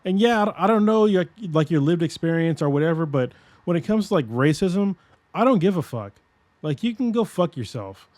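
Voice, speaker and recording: A man in his forties talks casually on a podcast, swearing freely and circling back through his own sentences. His voice sits a little high for a man. The sound is dry and close, with no room around it. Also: brisk, no room sound. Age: 40s. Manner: rambling, profane and animated, with many restarts. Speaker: podcast host. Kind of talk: casual chat.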